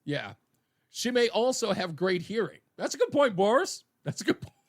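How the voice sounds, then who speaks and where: A man hosting a radio talk show, chatting casually with a loud, booming, animated delivery in a studio. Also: normal speed. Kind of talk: casual on-air banter.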